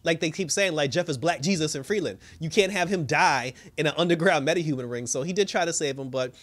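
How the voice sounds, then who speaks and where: A man's voice: on the high side, fast. A man giving a casual, rambling recap of a TV episode, laughing often and acting out what the characters said. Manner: animated, laughs often, acts out characters' lines; rambling with many restarts and fillers. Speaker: TV show reviewer.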